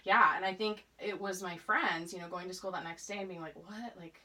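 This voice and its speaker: Heard from far off the mic, a woman with a lowish voice speaks a little fast. She's in her forties, hails from suburban Portland, Oregon, and guests on a casual podcast, animatedly recounting a story, voicing old conversations and laughing a lot.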